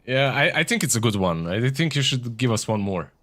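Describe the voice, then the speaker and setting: A man's voice: medium pitch, very animated, fairly quick, a bit bright, no room sound. A man co-casting an esports broadcast, bantering playfully and laughing often. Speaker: esports co-caster. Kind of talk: casual on-air banter.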